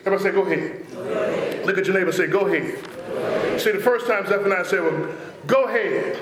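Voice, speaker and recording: A man a call-and-response sermon, drawling asides and sudden shouts. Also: high-pitched, brisk. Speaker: pastor. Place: church sanctuary. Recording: very echoey church hall.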